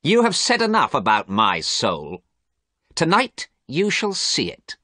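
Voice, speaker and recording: A man reading a storybook, voicing a cruel, mocking young man who speaks slowly and hard. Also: medium pitch, very animated, a bit bright, dry recording, clean studio sound, voice pushed up. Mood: menacing.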